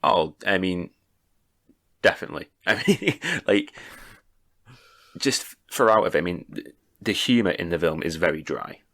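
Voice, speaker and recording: Stammering man, low voice. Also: expressive, normal speed, gravelly, pauses often, a bit bright. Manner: stammers and repeats words, laughs often. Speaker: podcast co-host. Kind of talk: casual chat about a film.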